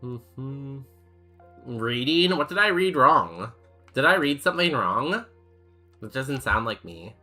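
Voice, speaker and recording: A man's voice: medium pitch, lively intonation, slow, pauses often, pushed and bright, soft background music. A young man streaming a game, chatting casually with his chat in a rambling, jokey way full of fillers. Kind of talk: casual chat while playing and reading chat.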